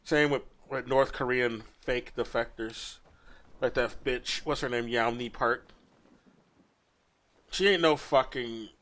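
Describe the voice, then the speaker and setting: A man's voice: medium pitch, a bit bright. A young man ranting with crude, mocking commentary while reacting to a video on a stream. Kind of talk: casual profane commentary.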